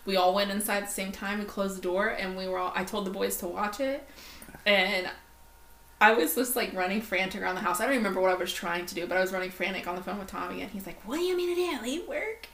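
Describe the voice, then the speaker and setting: A woman co-hosting a casual chat podcast, telling stories with lively quoted voices. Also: mid-range voice, fast. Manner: animated storyteller, acts out quoted voices. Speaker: podcast co-host. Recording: echoey room, faint ambient noise.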